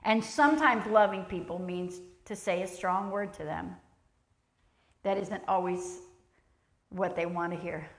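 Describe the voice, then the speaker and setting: A woman preaching a sermon in a church, emphatic and lively, acting out the voices of the people she quotes. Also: fairly low pitch, unhurried, long pauses. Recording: echoey church hall.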